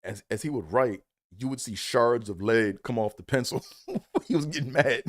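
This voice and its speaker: A young man with spins a childhood story, swearing freely as he goes. His voice sits at an ordinary pitch but climbs sharply whenever he acts out a quote. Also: normal speed. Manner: profane, animated, acts out quotes in a raised voice. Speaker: comedic storyteller. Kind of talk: casual storytelling monologue.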